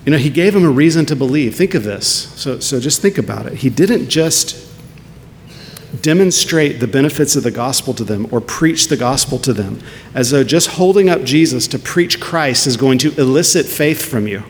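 A man's voice: lively intonation, moderate pace. A man preaching a sermon as pastor, earnest and full of rhetorical questions. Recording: long hall reverb with faint rumble.

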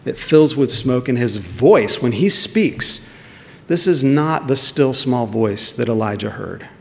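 A man's voice: mid-range voice, lively intonation, slow pace, gravelly. A man preaching a sermon, emphatic and questioning, repeating words as he searches for them. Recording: long hall reverb.

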